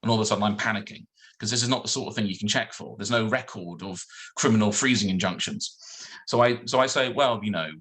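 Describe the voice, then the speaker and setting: Guy on a zoom call, quick lowish voice, acts out all the dialogue in his story. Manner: animated storyteller acting out dialogue. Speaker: guest solicitor. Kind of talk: anecdote on a video call. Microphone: video call.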